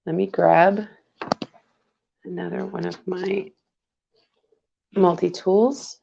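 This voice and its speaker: A woman's voice: on the low side, steady tone, takes it slowly, gravelly, mellow, breathy edge. A woman casually demonstrating a craft project, chatty and greeting viewers by name as she works. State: hiccups. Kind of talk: casual live craft tutorial. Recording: dull lo-fi livestream audio.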